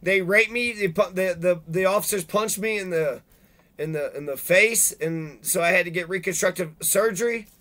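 A man with a high, bright, cutting voice rants on and on, swearing constantly and bursting into loud, heated outbursts. He sounds indignant and fired up the whole way through. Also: normal speed. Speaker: video blogger reading legal rules. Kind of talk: profane ranting monologue.

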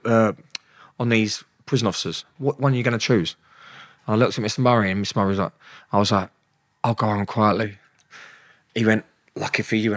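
A man's voice: mid-range voice, fairly bright tone, dry recording, studio quality. A man with a London accent, a guest telling stories in an interview, blunt and slangy, swearing often and acting out what people said. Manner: blunt, slangy, swears a lot, acts out dialogue. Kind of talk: storytelling in an interview.

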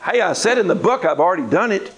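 A man voicing God as blunt and impatient, gruffly brushing off a complaining believer. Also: high-pitched, lively intonation, fast talker, rough recording. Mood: exasperated. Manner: gruff, dismissive, matter-of-fact.

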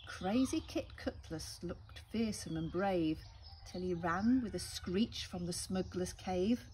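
A woman primary school teacher with an English accent reading a storybook aloud to young children, gently asking them questions. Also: fairly low pitch, slow pace, a little hiss or hum.

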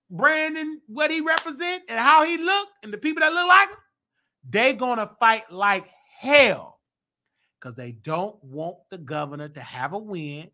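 Guy w/ hosting his own show, bright tense voice, gets loud and worked up. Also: very high voice. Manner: animated, rising to emphatic outbursts. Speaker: show host. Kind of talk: solo commentary show.

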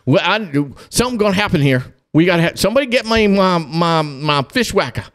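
A man's voice: medium pitch, lively intonation, normal speed, lightly acted. A man voicing a protective older southern father who talks in urgent, folksy fragments with a Southern US accent. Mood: alarmed. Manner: urgent, folksy, dropping words.

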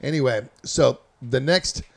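A man's voice: mid-range voice, unhurried, creaky. A man from Northern California telling a loose, rambling, profane story in a casual chat. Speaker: storyteller guest.

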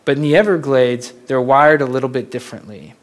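A young man from Florida giving a talk as a photographer, telling stories in a lively way and laughing often. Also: mid-range voice, a little fast. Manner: animated, laughing storyteller. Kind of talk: storytelling lecture.

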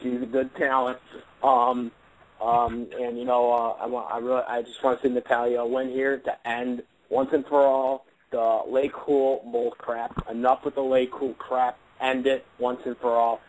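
A man's voice: medium pitch, little pitch movement, a little slow, slight background noise, low-quality recording. A man talking as a panelist on a talk show, blunt and repetitive with many ums. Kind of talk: casual chat.

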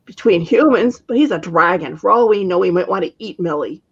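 A woman reading aloud, voicing a cranky, raspy old witch who snaps and scolds. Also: on the low side, expressive, brisk, muffled recording. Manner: snappish, scolding.

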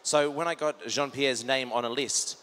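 Bright Australian man calling dance steps. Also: mid-range voice, steady tone, moderate pace. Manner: calls out step counts with jokes to the crowd. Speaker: line dance choreographer teaching. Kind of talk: live dance instruction. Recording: long hall reverb.

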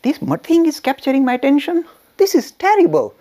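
A shrill, agitated young holy man snaps out his refusals, as a man puts him on in a storytelling lesson. His voice jumps high and carries a gravelly, husky grain. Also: sing-song, moderate pace, darkish tone. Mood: indignant. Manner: shrill, indignant outbursts.

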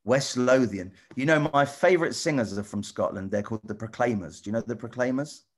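Over a video call, a middle-aged man, a celebrity guest, answers children's questions in a friendly, casual chat. Speaking in a mid-range voice, he rambles and stumbles, restarting often and saying "you know."

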